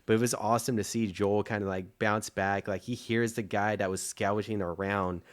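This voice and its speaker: A man's voice: fairly low pitch, fairly even intonation, normal speed. A man co-hosting a casual TV recap podcast, rambling with lots of "like" and swearing. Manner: rambling, full of fillers and restarts, swears freely. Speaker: podcast co-host.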